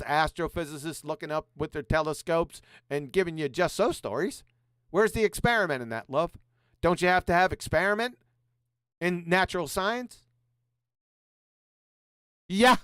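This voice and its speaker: A man's voice: fairly high pitch, normal speed, pauses often, a bit bright, clear, resonant tone, dry recording, studio quality. A man hosting a show, mocking a video in abrasive, profane commentary. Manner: sarcastic, abrasive, swears a lot. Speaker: show host reacting to a video.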